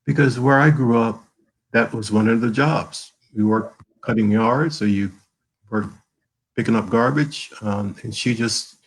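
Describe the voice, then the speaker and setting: A man from the American South, a guest author telling personal stories in an earnest, halting way, with many fillers, over a video call. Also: mid-range voice, slightly rough, low-quality recording. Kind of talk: emotional personal storytelling.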